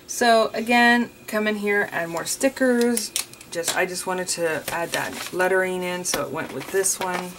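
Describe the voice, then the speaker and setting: A woman's voice: lowish voice, measured pace, background noise. A woman chatting casually to viewers while setting up her journal, rambling and often saying "you guys". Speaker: journaling vlogger. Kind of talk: casual chatty crafting tutorial.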